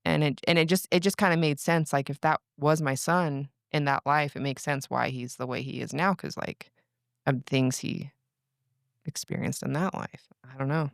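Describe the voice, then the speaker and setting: A woman's voice: deep voice, fairly even intonation, moderate pace, creaky, dry recording, studio quality. A young adult woman, a podcast guest, telling a personal story in casual chat, rambling with lots of "like" and restarts. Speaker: podcast guest, breathwork practitioner.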